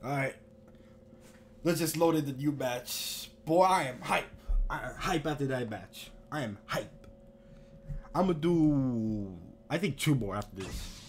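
A young man giving casual, profanity-heavy commentary while playing a video game, swinging from low muttering to sudden loud outbursts. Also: expressive, unhurried, soft background music. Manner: swings from mumbling to yelling, heavy swearing. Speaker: gamer. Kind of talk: live gameplay commentary.

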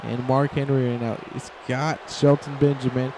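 A man giving excitable, rambling play-by-play commentary over a wrestling video game, shouting on the big moves. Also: mid-range voice, normal speed, crowd noise, background noise.

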